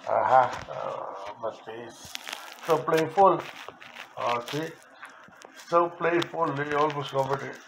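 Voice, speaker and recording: Guy with a slow gravelly voice baby-talking his bird, lots of laughing, phone video at home. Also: mid-range voice, background noise. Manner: coos and coaxes a pet bird, laughing often. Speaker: pet owner showing his bird. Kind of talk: casual home video chat.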